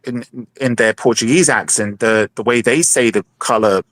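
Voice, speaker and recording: A man's voice: medium pitch, moderate pace, a bit bright, no room sound. Man explaining, dry close sound. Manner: explaining at length, hesitant restarts. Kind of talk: casual podcast discussion.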